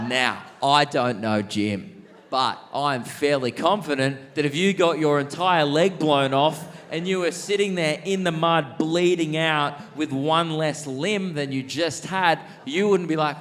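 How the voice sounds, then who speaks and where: A young man from Australia doing stand-up comedy, telling stories in a lively way and acting out the people in them. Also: on the high side. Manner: animated, acts out characters with quick voice shifts. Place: large theatre stage.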